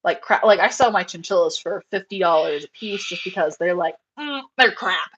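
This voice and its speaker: A woman's voice: on the low side, fairly quick, highs cut off, a little hiss or hum. Chatty woman rambling about her hobby. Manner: rambling and animated, full of fillers and acted-out quotes. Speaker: rabbit breeder on a live show. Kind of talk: casual chat.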